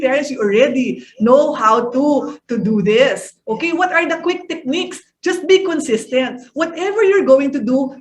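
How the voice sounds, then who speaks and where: Woman, middle-aged, high pitch; online parenting coach, engages the audience with questions. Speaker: parenting speaker and executive coach.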